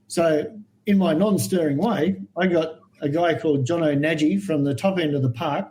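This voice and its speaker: An Australian man telling animated stories as a guest in a podcast interview, acting out the voices of people he quotes. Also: fairly high pitch, normal speed, poor audio. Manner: animated anecdotal storyteller, acts out quoted voices. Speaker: guest herpetologist.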